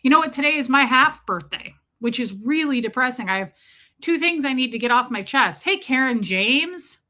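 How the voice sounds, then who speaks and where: Bright-voiced chatty American woman. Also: sits high, animated, normal speed. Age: 40s. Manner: chatty, sarcastic, jokey. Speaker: livestream host. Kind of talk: casual live-stream chat reading viewer comments.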